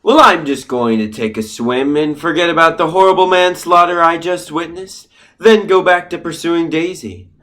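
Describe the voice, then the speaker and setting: A man's voice: on the high side, normal speed, fairly bright tone, lightly acted. A man voicing a lovesick rich young man with a put-on posh manner in a student comedy play, breezy and smug.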